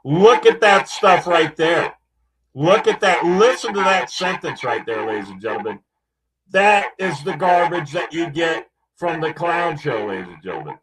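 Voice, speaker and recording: Husky, fairly high male co-host with a mocking showman delivery. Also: lively intonation, a little slow, poor audio. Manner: mocking, drops low on "ladies and gentlemen".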